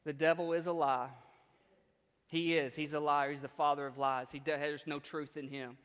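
A man's voice: fairly high pitch, level tone, moderate pace, fairly bright tone, clear, resonant tone. A man preaching a sermon in a conversational, emphatic way, repeating his key lines. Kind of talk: storytelling sermon. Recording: long hall reverb.

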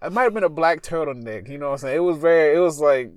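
A man's voice: a little high, expressive, fast talker, crowd noise. A young man telling a spooky personal story as a podcast host, talking casually in a parked car. He rambles and stops to correct himself.

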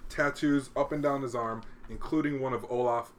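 A man's voice: medium pitch, steady tone, moderate pace, a little hiss or hum. Laid-back man telling a profane story. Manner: profane, laid-back, acts out quoted people. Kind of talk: casual storytelling with friends.

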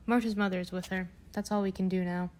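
A grieving father speaks firmly and sadly, trying to keep calm, as a woman reading the storybook puts him on. The voice stays close to the reader's own. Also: medium pitch, fast, lightly acted. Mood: sorrowful. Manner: firm, sorrowful. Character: grave, grieving family-friend father.

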